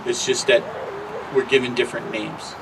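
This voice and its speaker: A man telling a traditional creation story at an unhurried, conversational pace, with occasional filler words, outdoors. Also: medium pitch, level tone, creaky. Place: outdoors near traffic. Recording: distant mic with loud traffic noise.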